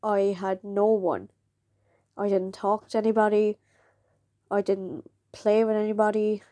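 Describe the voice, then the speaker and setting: A woman's voice: medium pitch, flat delivery, measured pace, mellow, no echo. Woman, candid personal story, dry close sound. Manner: candid, chatty, frequent laughter. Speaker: vlogger.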